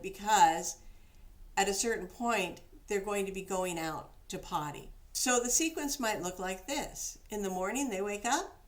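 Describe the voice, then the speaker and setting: A woman dog trainer giving casual, practical instructions, now and then acting out the praise she gives a dog. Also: medium pitch.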